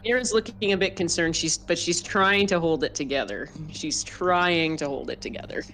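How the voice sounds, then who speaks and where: A woman's voice: on the low side, normal speed, fairly bright tone. A woman playing a tabletop game, casually describing her character with small hesitations. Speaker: player.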